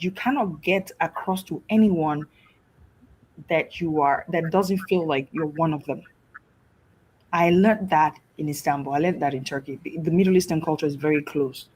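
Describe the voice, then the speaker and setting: A woman from Nigeria, a guest on a talk show, telling stories in a lively way with frequent laughs. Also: fairly low pitch, breathy edge, low-quality recording. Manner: lively, laughing, switches into mimicked voices. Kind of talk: animated storytelling talk.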